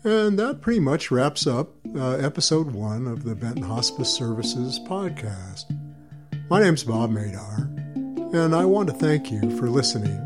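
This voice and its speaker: A man hosting a podcast and wrapping up the episode with an expressive delivery. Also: mid-range voice, a little slow, faint music behind. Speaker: podcast host. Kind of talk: podcast outro.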